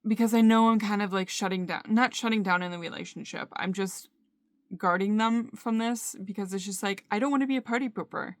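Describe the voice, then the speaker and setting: A young woman recording a candid personal video diary on her phone, talking haltingly with many fillers and restarts. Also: mid-range voice, no echo, studio quality. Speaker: vlogger. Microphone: phone camera.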